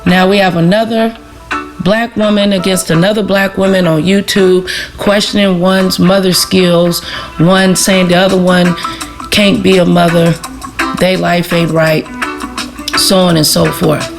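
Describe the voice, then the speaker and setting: A woman's voice: on the low side, fairly even intonation, a little slow, vocal fry. A woman hosting a casual commentary video, addressing viewers as family and repeating rhetorical questions in a preachy way. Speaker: YouTube commentary host. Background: music playing underneath.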